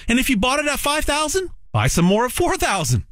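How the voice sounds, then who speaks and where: Emphatic male pitchman, lively swooping delivery, dry close sound. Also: fairly quick, no echo. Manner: emphatic, repetitive, stammering restarts. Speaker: gold sales pitchman. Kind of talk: direct-to-camera sales pitch.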